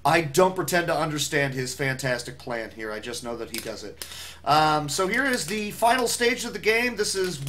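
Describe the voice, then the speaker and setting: A man's voice: a little high, expressive, normal speed, fairly bright tone, slight background noise. A man speedrunning a game live, rambling through his commentary with self-mocking jokes.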